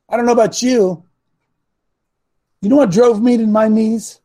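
A man hosting a talk show as a coach, preaching with passion and at times shouting. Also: high voice, fairly even intonation, moderate pace, long pauses. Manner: impassioned, swings to shouting. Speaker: host and coach.

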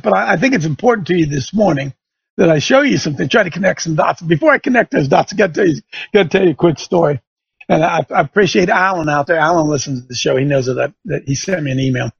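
A man's voice: on the high side, expressive, fast talker, creaky, slightly rough, no echo, lo-fi sound. A middle-aged man hosting a show, telling a folksy story and turning it into an emphatic sermon-like lesson for listeners. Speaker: show host. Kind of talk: preaching radio monologue. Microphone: studio microphone.

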